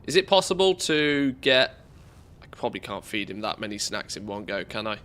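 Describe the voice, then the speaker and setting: A man's voice: on the low side, big pitch swings, moderate pace, a bit bright. A man with a head cold and a congested voice, chatting casually on a live game stream, rambling with many ums and restarts.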